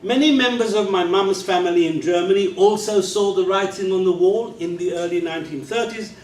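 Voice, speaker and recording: A man in his sixties with an unusual English accent gives a measured public lecture with a dry touch of humor. His voice sits a little high for a man. It is picked up from some distance in an echoey hall over faint room ambience. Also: a little mellow. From England. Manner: measured, wry storytelling. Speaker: guest lecturer.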